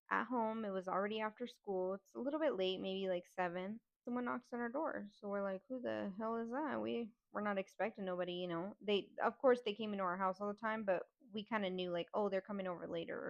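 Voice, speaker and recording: A woman's voice: medium pitch, lo-fi sound. A woman hosting a podcast, telling a personal story in a candid, casual, profane way. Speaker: podcast host.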